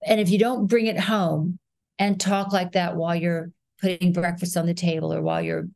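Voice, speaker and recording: A woman in her sixties, an actress, talking as a guest in a podcast interview, telling stories in an animated way and acting out rhythms and sounds. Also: on the low side, normal speed, gravelly, dry recording. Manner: animated storyteller, acts out rhythms and voices.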